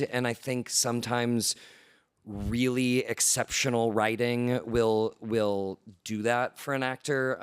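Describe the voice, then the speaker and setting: A man's voice: medium pitch, clear, resonant tone. A man actor answering interview questions in a reflective way. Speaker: actor, award winner.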